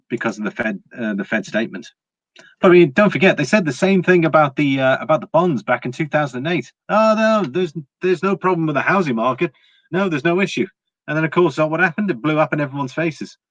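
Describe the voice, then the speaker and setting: A man's voice: mid-range voice, fairly bright tone, no echo, lo-fi sound. A man hosting a casual livestream, chatting to viewers, laughing often and restarting his words. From Britain. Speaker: livestream host.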